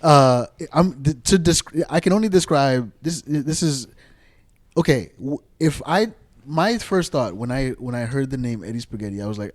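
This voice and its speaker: A man's voice: medium pitch, moderate pace. Rambling New man on a podcast. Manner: rambling, lots of "like" and restarts. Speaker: podcast co-host. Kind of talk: casual podcast chat.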